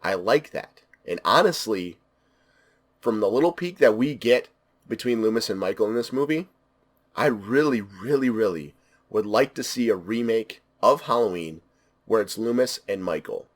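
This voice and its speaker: A man's voice: fairly low pitch, expressive, normal speed. A man giving a casual spoken movie review, enthusiastic and repeating words for emphasis.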